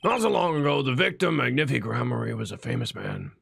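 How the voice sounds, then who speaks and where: A man voicing a formal, stately male courtroom figure in a gravelly voice, reading game lines aloud. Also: medium pitch, animated, fast talker, noisy background. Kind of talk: playthrough voice acting.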